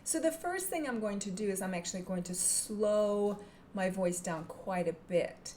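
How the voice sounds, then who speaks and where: Calm woman teaching self-hypnosis. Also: mid-range voice, normal speed, a little hiss or hum. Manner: calm, gentle, drops into soft whispers to demonstrate. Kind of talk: instructional talk to camera.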